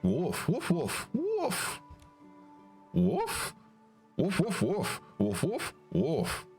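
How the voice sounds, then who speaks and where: A man voicing a small puppy companion in a video game, barking in quick high yips. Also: wildly swooping pitch, faint music behind, full character voice. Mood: yappy. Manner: yips in rapid high barks.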